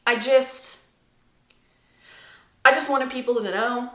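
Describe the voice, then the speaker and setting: A woman speaks straight to camera in an indignant, emphatic rant, circling back and repeating her points. Her voice is bright and sharp. It rings with the echo of a hard room. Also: on the high side, steady tone, slow pace. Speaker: vlogger. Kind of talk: angry personal rant to camera.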